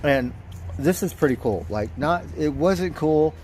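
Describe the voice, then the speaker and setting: A man's voice: on the high side, unhurried, slight background noise. A man livestreaming outdoors, telling a story in a casual, profane way, chuckling as he goes. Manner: profane, chuckling, animated retelling.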